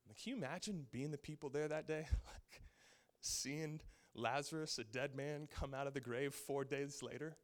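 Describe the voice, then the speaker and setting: A man preaching a sermon, telling a Bible story in a casual, animated way and often saying "like". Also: a little high, moderate pace.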